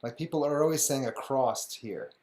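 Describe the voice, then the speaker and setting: A woman musing in a relaxed way in a casual group chat. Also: rumbling low, moderate pace, slight background noise.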